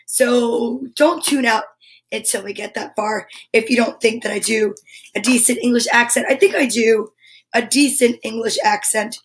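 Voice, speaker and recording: Bubbly high-voiced woman hosting a kids' show. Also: steady tone, moderate pace, slightly rough. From United States. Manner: bubbly and enthusiastic, greeting viewers by name. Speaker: children's show host. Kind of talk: live-streamed kids' lesson.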